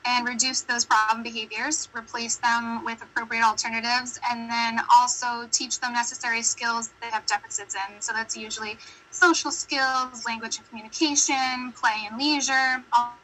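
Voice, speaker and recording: Bright-voiced chatty American woman. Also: fairly high pitch, fairly even intonation, poor audio. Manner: chatty, laughing, quick storytelling. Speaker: podcast guest. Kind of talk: casual chat.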